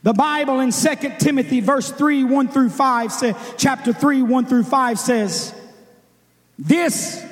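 Male preacher, sermon, very high voice, emphatic, shouts for emphasis, long hall reverb. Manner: emphatic, swings from drawn-out words to shouted emphasis.

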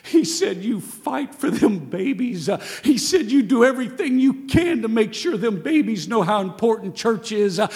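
A young man preaching a sermon as a pastor, swinging from hushed whispers to shouted exhortation. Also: high-pitched, expressive, moderate pace, creaky, few pauses, in a large hall.

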